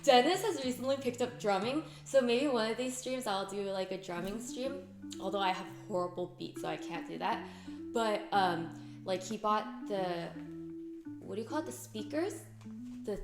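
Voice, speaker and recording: A woman's voice: mid-range voice, moderate pace. A woman streamer chatting casually with her viewers, bubbly and effusive, gasping and greeting people by name. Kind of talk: casual live-stream chat. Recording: music playing behind.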